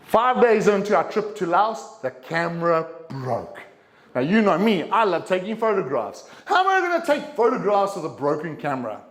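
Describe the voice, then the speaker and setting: A middle-aged man giving a prepared speech at a club meeting, telling a personal story and acting out what people said. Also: normal speed. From English-speaking country, living in Taiwan. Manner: animated storyteller, acts out quotes with sharp jumps in pitch. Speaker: club speaker. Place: meeting room. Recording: echoey meeting room.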